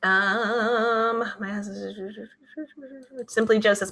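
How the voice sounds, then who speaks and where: A woman hosting her channel, chatting casually and reading out viewer comments in a lively, talkative way. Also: mid-range voice, slow, long pauses. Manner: chatty, animated, many fillers. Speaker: channel host.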